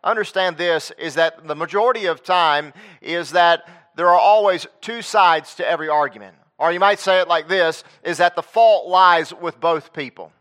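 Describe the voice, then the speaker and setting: A man's voice: fairly high pitch, normal speed, hardly any pauses, a bit bright. A man preaching a sermon in a conversational way, asking the congregation questions and repeating his points.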